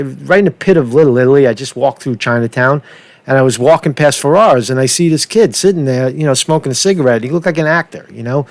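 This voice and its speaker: A man's voice: mid-range voice, no room sound. A man hosting a rambling livestream, swearing often and repeating himself, ending his lines with "man". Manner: swearing, fast and animated, repeats himself, says "man" a lot. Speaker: livestream host. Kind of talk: rambling casual livestream talk. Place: street in a big city.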